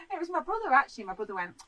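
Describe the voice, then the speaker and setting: Woman, high bright voice, lively pitch, chatty co-host. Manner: chatty, quick to laugh. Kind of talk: casual comic chat.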